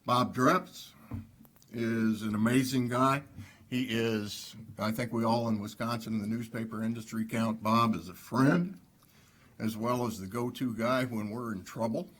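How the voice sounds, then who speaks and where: A man's voice: medium pitch, normal speed. A man with a Southern Illinois accent giving a humble, lightly joking award acceptance speech at a dinner podium. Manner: humble, self-deprecating humor. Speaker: award honoree. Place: banquet hall.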